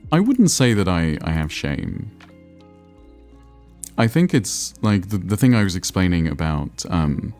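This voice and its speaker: Deep creaky guy rambling to his stream chat, kinda self-deprecating, faint music behind. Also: darkish tone. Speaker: livestreamer. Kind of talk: casual livestream chat while playing a geography game.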